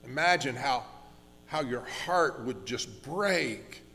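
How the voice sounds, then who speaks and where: A man preaching a sermon as pastor, earnest and slowing down on key words, with frequent restarts. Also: medium pitch, animated, sharp tone, big-room sound, a little hiss or hum. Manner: earnest, slows down for emphasis with many restarts.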